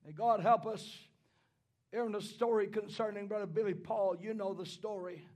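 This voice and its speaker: High-voiced preacher who bursts into shouting. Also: male voice, fairly even intonation. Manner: impassioned, rising into shouts, halting repetitions. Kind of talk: sermon.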